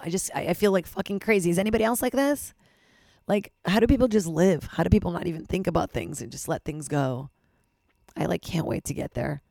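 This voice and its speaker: A young adult woman from Los Angeles hosts a podcast, her low, creaky, darkish voice a little worn as though she's slightly lost it. In a candid personal monologue, she rambles self-deprecatingly and swears casually, recorded dry with studio quality.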